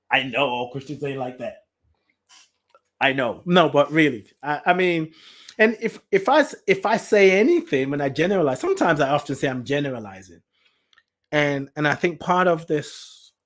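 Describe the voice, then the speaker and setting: A man hosting a spiritual talk show, speaking from the heart in an emotional, repetitive way and reading out listener comments. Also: a little high. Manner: heartfelt, emotional, repeats himself. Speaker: podcast host.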